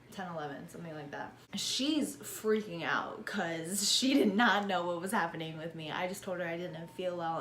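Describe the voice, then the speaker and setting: A woman's voice: lowish voice, a little hiss or hum. A young woman vlogger telling a casual storytime, chatty, swearing often and laughing between lines. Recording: echoey room.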